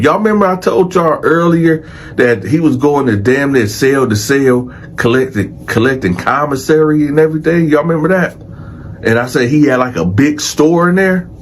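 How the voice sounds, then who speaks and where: A man casually telling a story in an animated, profane way and acting out other people's voices. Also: medium pitch, normal speed, slight background noise. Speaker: storyteller, show host.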